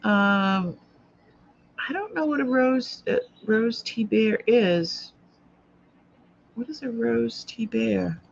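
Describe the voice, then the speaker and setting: A woman's voice: on the high side, slow, creaky, long pauses. Chatty Boston woman on a lo-fi live stream. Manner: chatty, thinking aloud while handling items. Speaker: live-stream jewelry sale host. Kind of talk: casual live-stream chat.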